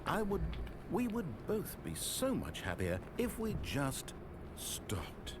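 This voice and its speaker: An actor with a British accent playing a polished male game narrator whose measured storytelling turns anxious and pleading. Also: sits high, huge pitch swings, heavily acted. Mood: wistful.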